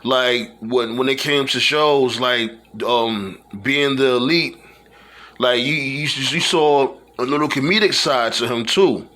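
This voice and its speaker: A man's voice: medium pitch, takes it slowly, pushed and bright. A man talking casually in a loose, rambling monologue, full of fillers and restarts. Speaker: wrestling fan vlogger.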